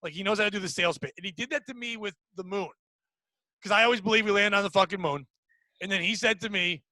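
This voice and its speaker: A man's voice: sits high, fast, sharp tone, no echo, low-quality recording. A man hosting a comedy podcast, riffing in crude, rambling, mock-outraged bits. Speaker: podcast host. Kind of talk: casual comedy podcast banter.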